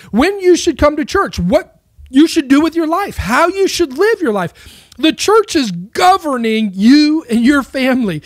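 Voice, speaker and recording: A man's voice: extremely high pitch, no room sound, studio quality. A man giving a casual, rambling monologue on faith, with many rhetorical questions. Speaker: Christian speaker.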